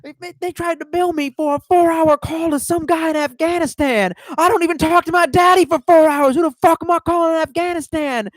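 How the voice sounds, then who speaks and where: Man imitating an exasperated comic, pitched way up, incredulous and complaining, dry close sound. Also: fairly even intonation, a little fast, few pauses, no echo. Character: impression of a man, an exasperated comedian complaining loudly.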